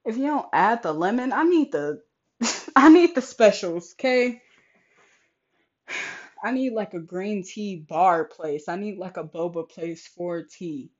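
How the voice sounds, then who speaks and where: A woman's voice: mid-range voice, expressive, takes it slowly. A young woman venting frankly and with exasperation in a casual vlog, swearing often and animatedly retelling conversations, with a slightly sore throat. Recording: slightly dull lo-fi recording.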